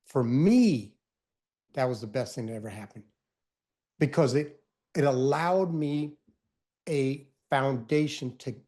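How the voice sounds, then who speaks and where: A middle-aged man with a mellow, warm tone tells his own story as a guest. He speaks earnestly and reflectively, taking his time and pressing down on the words that matter. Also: medium pitch, lively intonation. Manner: reflective, earnest, unhurried with emphatic stresses. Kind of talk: personal storytelling in conversation.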